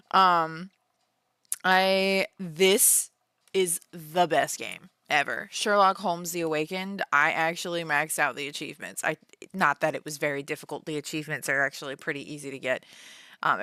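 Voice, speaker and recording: A young woman talks casually to her stream from home, her voice sitting a little low. She is animated and laughs often, with plenty of fillers. The sound is dry and close, with no room echo. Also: moderate pace. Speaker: livestream host and author. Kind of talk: casual livestream chat.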